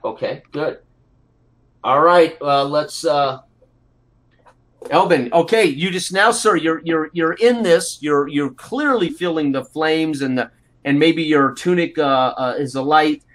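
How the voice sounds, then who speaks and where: Halting game master, slightly high voice. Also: male voice, fairly bright tone. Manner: halting, full of fillers and restarts. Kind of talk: narrating a tabletop game.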